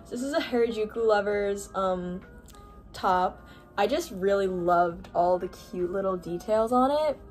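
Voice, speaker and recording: Gushing excitable young woman vlogger. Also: mid-range voice, a little slow, soft background music. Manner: gushing, excitable, gasping with delight. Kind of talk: unboxing haul vlog.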